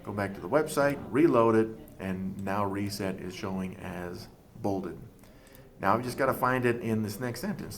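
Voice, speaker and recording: A man teaching a coding class over a screen recording, talking through each step in a relaxed, thinking-aloud way. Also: lowish voice, moderate pace, slight background noise.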